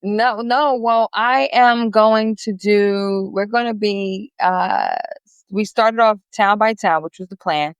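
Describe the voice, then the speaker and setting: A woman's voice: medium pitch, slow pace, clean tone, no room sound. A woman guest on a business podcast, chatting in a rambling, friendly way with many restarts. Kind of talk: casual interview chat.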